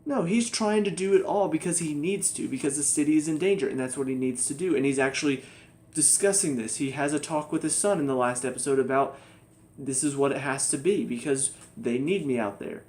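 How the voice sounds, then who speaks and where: A young man gives a casual spoken TV review, ranting in exasperation and mocking the characters in quoted voices. His voice is fairly high and a bit fast with a darkish tone, with slight background noise.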